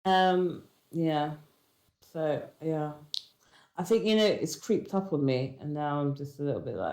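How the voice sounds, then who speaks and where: A woman's voice: sits low, animated, measured pace, a little mellow, reverberant. A woman from England chatting casually on a stream, tired and a little tipsy, rambling and humming to herself. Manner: drowsy, tipsy, rambling with sing-song humming. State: tired and slightly drunk. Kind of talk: casual chat.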